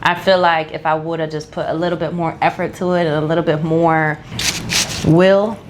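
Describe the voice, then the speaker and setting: A woman's voice: low-pitched, flat delivery, normal speed, background noise. A young woman co-hosting a casual eating video, candidly reflecting on her past with lots of filler words. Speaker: co-host. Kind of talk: casual chat.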